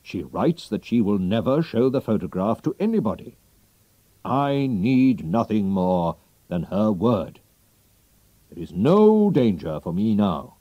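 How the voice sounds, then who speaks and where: A man's voice: fairly low pitch, very animated, unhurried, no echo, dull audio. A man doing an emotional, impulsive king. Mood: dramatic. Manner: exclamatory, dramatic.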